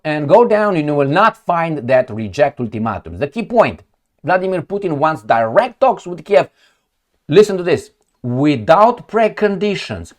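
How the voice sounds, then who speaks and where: A man of medium pitch offers casual political commentary while reading articles shown on screen. Sarcastic and animated, he swears freely and treats viewers like friends.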